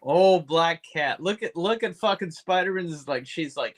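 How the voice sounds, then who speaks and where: A man co-hosting a podcast, rambling through a comic book recap with lots of swearing and quick character asides. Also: a little high. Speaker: podcast co-host.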